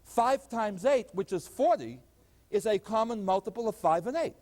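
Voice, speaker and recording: A man with a high voice teaches arithmetic at a chalkboard in an old 1980s lecture recording. He keeps asking questions and answering them himself. The hall gives his voice a long, lingering echo. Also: animated, moderate pace, darkish tone. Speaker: math professor.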